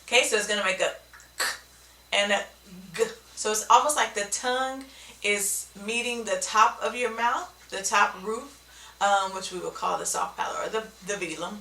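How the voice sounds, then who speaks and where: A woman's voice: mid-range voice, moderate pace, pushed and bright, echoey room, recorded from a distance. A woman teaching speech sounds in an instructional video, explaining step by step and often checking in with "okay?".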